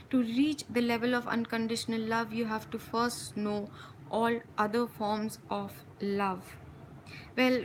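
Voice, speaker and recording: A woman hosting a spiritual live stream from home, talking passionately and intensely, speeding up when excited and laughing often. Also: on the high side, a little hiss or hum, low-quality recording. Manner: frequent laughs and warm endearments. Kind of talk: live-stream talk to viewers.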